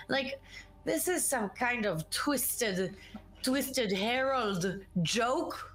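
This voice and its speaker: A woman's voice: fairly high pitch, animated, drawn-out words, a bit bright. Playful young woman co-hosting a stream. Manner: playful, joking, laughs often. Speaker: co-host of a live interactive show. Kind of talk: casual live-stream chat.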